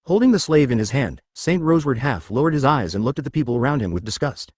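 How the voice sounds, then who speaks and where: A man narrating a story in a scripted reading style, brisk and animated. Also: mid-range voice, husky, dry recording, clean studio sound.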